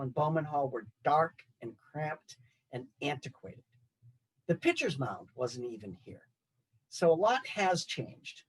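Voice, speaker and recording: An older man in his sixties speaks to graduates with a husky, somewhat raised voice. He delivers prepared remarks in a measured, reflective way and sets out his lists phrase by phrase. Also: a little high, poor audio. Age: 60s. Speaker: alumni association speaker. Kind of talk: prepared commencement speech.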